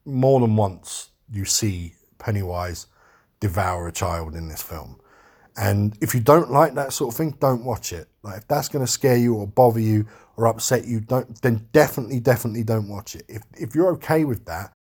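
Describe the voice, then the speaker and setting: Man, casual film review, rambling and blunt, husky tone, lowish voice. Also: moderate pace, darkish tone. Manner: rambling, frank, swears freely.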